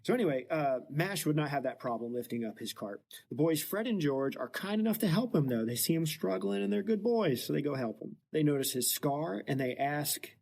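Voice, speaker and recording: A man hosting a podcast, casually retelling a book chapter with jokes and quick acted-out quotes. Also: fairly high pitch, lively intonation, gravelly, a little mellow. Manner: jokey, acts out quotes in voices. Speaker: podcast host.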